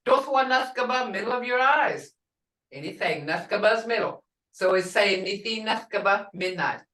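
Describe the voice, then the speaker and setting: An older woman teaching a language class, speaking slowly and patiently and repeating words for her learners. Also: medium pitch, a bit bright. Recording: roomy and distant from the mic.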